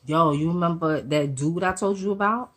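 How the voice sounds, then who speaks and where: A laid-back young boyfriend, as a woman quotes him in her storytime vlog, talks in a casual, slangy way. He smooth-talks to reassure, in a low, husky voice close to her own. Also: moderate pace, a bit bright. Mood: serious.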